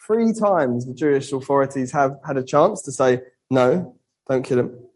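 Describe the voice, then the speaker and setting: An earnest man preaches a sermon and reads scripture aloud, with a mid-range voice. He poses rhetorical questions and slows down on key words. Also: mid-range voice, expressive, a little mellow, rough recording. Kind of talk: sermon with Bible reading.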